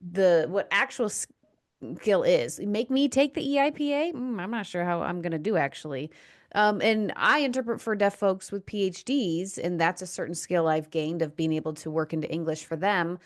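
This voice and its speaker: A woman hosting a podcast, herself an interpreter, talking in a relaxed conversational way. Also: on the low side, moderate pace. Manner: relaxed, conversational, frequent agreeing backchannels.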